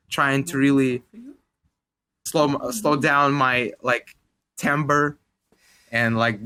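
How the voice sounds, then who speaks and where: A man's voice: mid-range voice, bright, forceful tone. A young man in his twenties with a Russian accent, co-hosting a casual podcast chat. He rambles, leans on "like" a lot and swears casually. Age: 20s. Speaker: podcast co-host.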